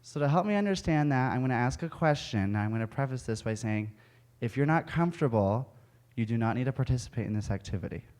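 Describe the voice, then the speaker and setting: A man's voice: mid-range voice, expressive, quick pace, darkish tone. A young man giving a speech to an audience, telling a candid personal story and laughing often as he goes. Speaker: speaker at an event. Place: auditorium with audience.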